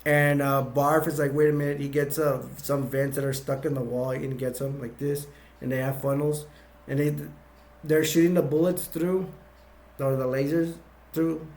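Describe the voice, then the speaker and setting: A man's voice: on the high side, little pitch movement, moderate pace, darkish tone. Rambling man retelling a movie plot. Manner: rambling, many restarts and fillers. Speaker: movie reviewer.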